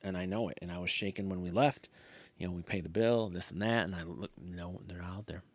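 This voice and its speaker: A man hosting his own podcast, telling a rambling story casually and often dropping to a hushed near-whisper. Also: low voice, fairly even intonation, a little fast, dry recording. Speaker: podcast host.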